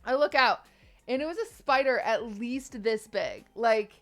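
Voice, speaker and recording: A woman hosting a casual call as a streamer, talking in chatty, expressive stories full of fillers. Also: a little high, measured pace, soft background music. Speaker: streamer and host.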